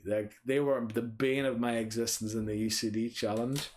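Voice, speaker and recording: A man's voice: mid-range voice, steady tone, normal speed, hardly any pauses. A young man in casual gameplay commentary, muttering to himself, thinking aloud and swearing mildly as he plays. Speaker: gaming streamer.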